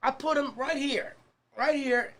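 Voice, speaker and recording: A man's voice: very high voice, measured pace, a little hiss or hum. A man hosting a casual talk show, telling stories with repeated phrases. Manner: animated storyteller, repeats phrases. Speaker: podcast host. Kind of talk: casual chat.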